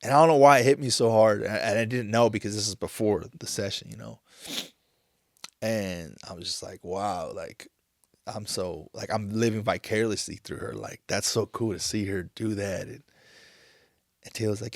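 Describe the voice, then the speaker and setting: Thirties male podcast host, tearful and halting; low, gravelly voice. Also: no room sound, studio quality. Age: 30s. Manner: emotional, halting, many restarts. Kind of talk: casual chat.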